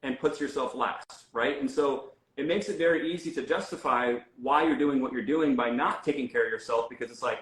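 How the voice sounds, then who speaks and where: A man's voice: medium pitch, fairly quick, few pauses, a bit bright, roomy sound, poor audio. A man speaking as a guest health coach in an interview, talking casually with many fillers and restarts. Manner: conversational, frequent fillers and restarts.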